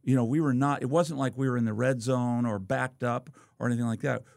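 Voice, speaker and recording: Ex-quarterback co-host, sixties, gravelly, loose rambling storyteller. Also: male voice, mid-range voice, fairly even intonation, a little fast, darkish tone, no room sound, clean studio sound. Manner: rambling anecdotes with fillers. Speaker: podcast co-host, former quarterback. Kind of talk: casual storytelling chat.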